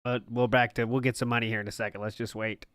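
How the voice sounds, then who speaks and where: A man's voice: medium pitch, flat delivery, quick pace, fairly bright tone, clean tone, no room sound, studio quality. A man hosting a podcast watch party, giving mocking, sarcastic commentary and laughing often. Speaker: podcast host reacting to a stream.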